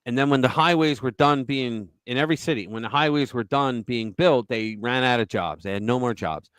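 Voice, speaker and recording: A smooth, medium-pitched male voice moves along fairly quickly with no room sound. He's the host of a live political commentary stream, chatting casually and animatedly while slipping in sarcastic, mocking voices.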